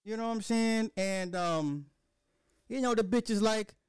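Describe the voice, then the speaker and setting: A podcast host telling a dark comedic story in a profane, animated, repetitive way. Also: male voice, high voice, measured pace, clean tone, no echo, clean studio sound.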